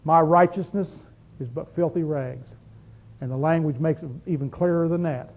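A man's voice: a little high, moderate pace, phone-quality sound. A man preaching a sermon, pressing his points with rhetorical questions and drawing out key phrases for stress. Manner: emphatic, rhetorical questions to the congregation.

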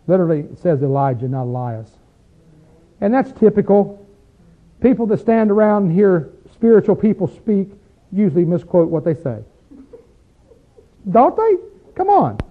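A man leading an interactive Bible study, teaching emphatically and asking the group questions as he goes. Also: sits high. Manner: emphatic, questions the group, rises when stressing points. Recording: tinny phone-like recording.

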